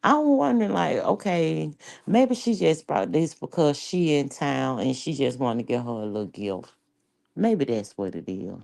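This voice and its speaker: A woman's voice: low voice, expressive, moderate pace, vocal fry, darkish tone. A woman with an Atlanta accent chatting to her viewers in a rambling, chatty way, swearing freely. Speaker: YouTube vlogger. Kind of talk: casual chat to viewers.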